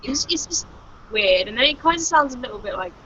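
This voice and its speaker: A woman's voice: a little high, animated, brisk, sharp tone, a little hiss or hum. A woman, a guest in a casual chat who talks chattily and a little hesitantly. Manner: chatty, hesitant, laughs often. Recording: dull lo-fi home recording.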